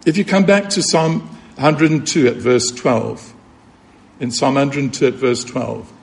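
A man's voice: mid-range voice, a little slow, creaky, a little hiss or hum. A man preaching a sermon, earnest and emphatic, repeating key points and asking rhetorical questions.

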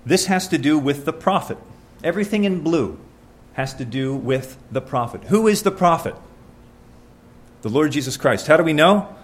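A man's voice: fairly high pitch, expressive, normal speed. Earnest male preacher quizzing his congregation. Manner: asks the congregation questions, earnest and conversational. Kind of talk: sermon with scripture reading.

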